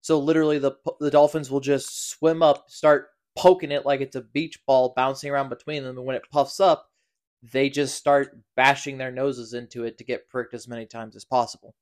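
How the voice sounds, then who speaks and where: A man's voice: medium pitch, little pitch movement, moderate pace. A man co-hosting a casual podcast, laid-back and terse, explaining facts in a matter-of-fact way, recorded in a small crowded office. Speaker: podcast co-host.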